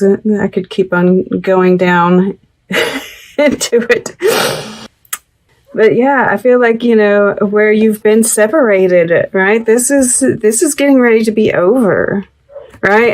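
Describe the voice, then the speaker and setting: Slow-talking woman giving a tarot reading. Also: mid-range voice, darkish tone. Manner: meandering, many fillers and "right?" asides; laughs easily. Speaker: tarot reader. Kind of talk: casual tarot reading with read-aloud card text.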